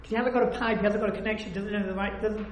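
A woman's voice: mid-range voice, fairly even intonation, very fast, slight background noise. A woman leading a religious study discussion, talking emphatically and acting out heartfelt prayers. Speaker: religious teacher. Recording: echoey room.

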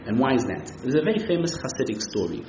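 Animated man giving a sermon. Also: medium pitch, quick pace, slight background noise. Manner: animated, emphatic, uses Yiddish and Hebrew terms. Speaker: rabbi, religious teacher. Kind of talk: sermon with storytelling. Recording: echoey, slightly muffled room recording.

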